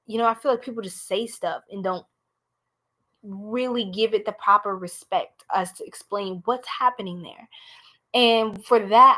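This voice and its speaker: A woman with a New York accent giving a blunt, animated live tarot reading, talking straight to her viewers. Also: fairly high pitch. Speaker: tarot reader.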